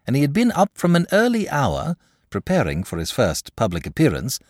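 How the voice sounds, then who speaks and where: A man tells a classic story in scripted narration, full of drama and expression. His low voice swoops widely in pitch, and the recording is close and dry with no room sound. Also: no room sound.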